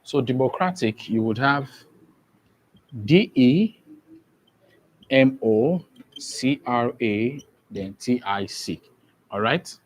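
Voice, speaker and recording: Slow, deliberate male teacher. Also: mid-range voice, low-quality recording. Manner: slow and deliberate, spells words letter by letter and often checks understanding. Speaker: English teacher. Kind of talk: exam-prep grammar lesson.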